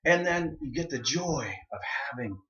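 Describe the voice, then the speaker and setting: Guy telling his story to a crowd, pitch jumps all over, echoey muffled room. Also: lively intonation, moderate pace, fairly bright tone. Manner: storytelling, acting out quoted voices. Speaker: speaker. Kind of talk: personal speech to an audience. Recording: dull, roomy hall recording.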